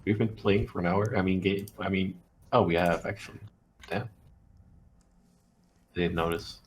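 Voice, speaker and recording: A man's voice: deep voice, steady tone, normal speed, slight background noise. A man co-hosting a casual podcast while drawing, joking around and swearing casually. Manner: jokey, swears casually, laughs often. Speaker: podcast co-host.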